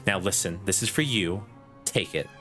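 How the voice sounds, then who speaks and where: A man's voice: deep voice, moderate pace, music in the background, pitched below the performer's own voice, lightly acted. A man voicing a fussy, pompous woman professor who lectures and hands out marks. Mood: haughty. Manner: haughty, lecturing, clipped.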